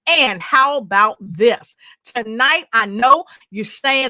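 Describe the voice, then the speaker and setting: A woman hosting a livestream talk show, energetic and full of repeated hype and call-and-response. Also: on the high side, slow, no room sound. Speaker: show host.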